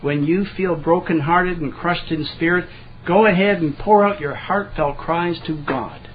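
Folksy man preaching in a lo-fi recording. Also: a little high. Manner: folksy, repeats and restarts words, reads scripture slowly, clears throat often. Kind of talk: conversational sermon.

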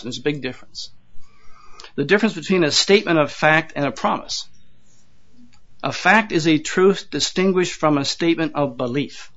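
Chuckling at his own asides and repeating words, an older pastor preaches to his congregation in a folksy, chatty way. His voice is a little high and a bit bright, though the recording itself sounds dull and lo-fi.

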